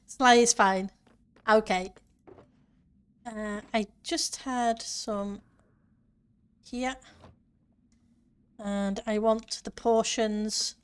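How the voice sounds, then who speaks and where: A woman's voice: fairly high pitch, fairly even intonation, very slow, pauses often, smooth. A woman streamer chatting casually with her viewers and answering chat while she plays a building game. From northern part of her country.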